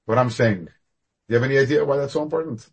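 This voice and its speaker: A man giving a Torah class over a video call, talking animatedly with sudden jumps up and down in pitch and loudness. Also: quick pace, husky. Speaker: rabbi teaching a class.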